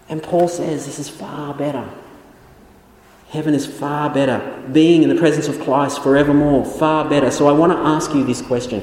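A man's voice: mid-range voice, mellow, a little hiss or hum. An Australian man preaching a sermon as pastor, earnest and questioning, often repeating his key phrases. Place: church hall. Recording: echoey hall with long reverb.

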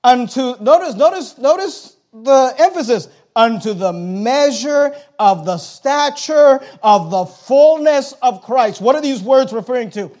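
Middle-aged male pastor, very high voice, emphatic sermon delivery with hushed asides. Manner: emphatic preaching with sudden drops to a hush.

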